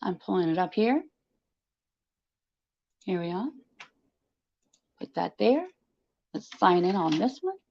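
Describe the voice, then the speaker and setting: A woman chats her way through a livestream, teasing her viewers and keeping up talk while she sorts out her devices. Her pitch swings up and down with animated energy. The sound is dull and lo-fi, like stream audio. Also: slow, vocal fry, pauses often, breathy edge. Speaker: livestream host. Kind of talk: casual livestream chat.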